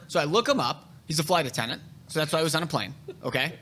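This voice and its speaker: A man's voice: on the high side, quick pace, hardly any pauses, pushed and bright. A man hosting a casual podcast chat, telling real estate stories in a blunt, profane way.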